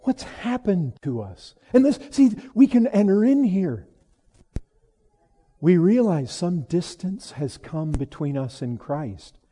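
A man preaching a sermon, moving from hushed, low passages to raised, emphatic lines. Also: sing-song, slow pace, breathy edge. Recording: long hall reverb.

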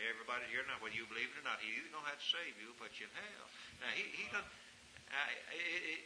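Man, preacher, fervent sermon, bright tense tone, lively pitch. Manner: fervent, swings from hushed to shouting. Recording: echoey room recording with hiss.

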